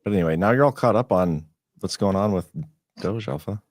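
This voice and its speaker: A man's voice: low-pitched, a little fast, darkish tone, no room sound, clean studio sound. A man hosting a podcast in casual chat, teasing and incredulous in his reactions. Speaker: podcast host.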